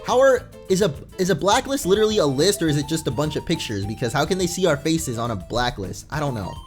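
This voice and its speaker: With a fairly high, very animated voice and a quick pace, a young man gives chatty, wandering commentary on the game he's playing and reads its text out loud. The game's music is faintly audible in the background.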